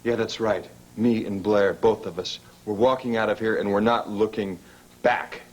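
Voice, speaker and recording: Guy playing cocky defiant young dude, low husky voice, sneery. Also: steady tone, moderate pace, natural voice. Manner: sneering, challenging. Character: defiant young man taking a woman away.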